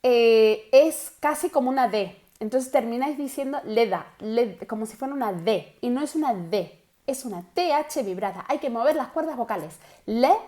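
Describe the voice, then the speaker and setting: A mellow woman's voice, on the high side and lively in intonation, belongs to an upbeat pronunciation teacher. Throughout this bilingual English lesson she stays encouraging, practicing words slowly and repeating them.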